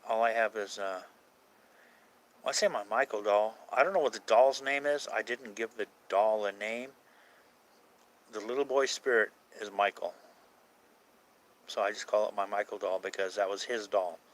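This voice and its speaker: A man's voice: on the low side, moderate pace, pauses often, poor audio. A man casually chatting with viewers on a paranormal live stream, rambling from point to point and swearing now and then. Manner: rambling, swears casually, answers chat questions.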